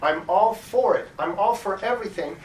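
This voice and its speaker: A man's voice: high-pitched, moderate pace, distant mic, slight background noise. Rambling man at a council lectern. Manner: rambling, repeating words and restarting. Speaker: public commenter. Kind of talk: public comment at a city meeting. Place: council chamber. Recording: echoey chamber heard from off-mic.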